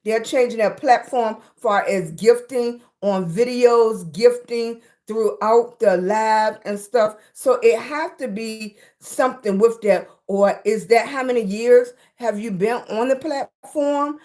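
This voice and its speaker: A woman's voice: a little high, takes it slowly, hardly any pauses, a little mellow. A middle-aged woman hosting a casual livestream from her room, chatting and greeting viewers by name, often calling them baby. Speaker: livestream host.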